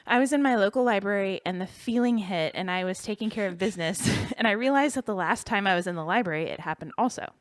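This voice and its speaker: A woman's voice: medium pitch, quick pace, few pauses. A young woman co-hosting a casual podcast, chatty and rambling, with giggles breaking in. Her voice sits mid-range and sounds close and dry, with no room echo. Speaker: podcast co-host. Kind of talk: casual chat.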